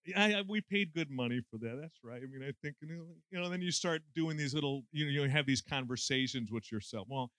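A man's voice: a little high, fast talker, few pauses, fairly bright tone, no echo. A man in his sixties preaching a conversational sermon with folksy, self-deprecating humor and lots of fillers. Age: 60s.

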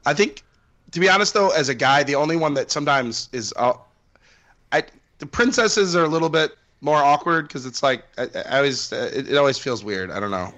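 A man chats as a podcast co-host, his pitch rising and falling a lot as he tells stories. He rambles, stopping to restart his sentences and filling the gaps with ums and uhs. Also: expressive, fairly quick, a bit bright, lo-fi sound. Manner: rambling, many fillers and restarts. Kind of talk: casual chat.

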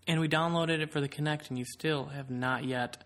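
A man's voice: a little high, fairly even intonation, a little fast, a bit bright. A man hosting a casual podcast, telling a rambling story with many fillers. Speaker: podcast host.

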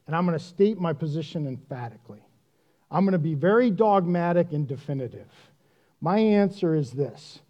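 A man preaching a sermon in a conversational, self-deprecating and animated way. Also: fairly high pitch, lo-fi sound. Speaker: pastor.

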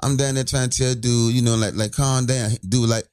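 Male podcast co-host, mid pitch; relaxed, profane, chimes in. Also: a little fast, smooth. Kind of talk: casual chat.

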